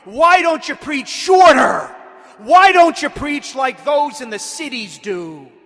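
A priest voicing the devil as a grotesque, spiteful male spirit who mocks and taunts in a loud voice. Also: very high voice, lively intonation, slow pace, pitched above the performer's own voice, heavily acted. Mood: taunting. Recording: long hall reverb.

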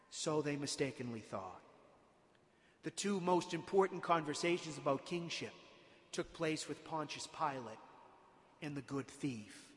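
A man's voice: on the high side, unhurried, long reverb tail. A man preaching a sermon, retelling scripture with dramatic emphasis and sudden rises in force.

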